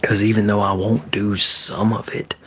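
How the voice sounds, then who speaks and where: Male ASMR streamer, very low voice, soft-spoken and close to the mic, easygoing live chat. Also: flat delivery, normal speed, a little hiss or hum. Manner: soft-spoken, drifting into whispers, loose and profane.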